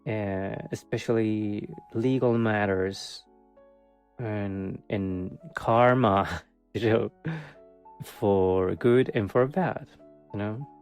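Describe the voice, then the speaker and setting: A man's voice: on the low side, fairly even intonation, extremely slow, darkish tone, clear, resonant tone, faint music behind. A man giving a casual tarot reading for the month, rambling with many fillers, chuckling often and joking with wry sarcasm. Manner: wry, self-mocking sarcasm. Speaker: tarot reader.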